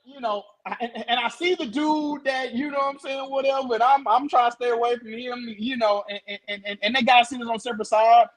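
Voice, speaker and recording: A young man telling a story in casual talk, animated, stuttering and repeating words. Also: very high-pitched, fairly quick, few pauses, poor audio.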